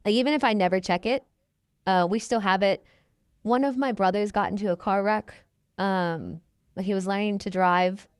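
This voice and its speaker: A woman's voice: medium pitch, moderate pace, clear, resonant tone, no room sound, clean studio sound. A woman in her twenties, a podcast guest telling her story in a casual, chatty way and acting out the people she quotes. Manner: chatty, quotes people in their own voices.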